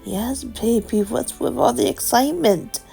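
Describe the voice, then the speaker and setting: A woman playing a patient young mother who talks to her small son in a soft, coaxing way. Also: fairly high pitch, measured pace, creaky, slightly rough, faint music behind, voice pushed up, heavily acted. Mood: soothing.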